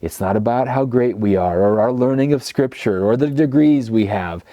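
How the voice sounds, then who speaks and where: A man's voice: medium pitch, moderate pace, dark tone, no echo, clean studio sound. A man preaching a teaching sermon, telling the story and acting out quoted speakers. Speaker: pastor.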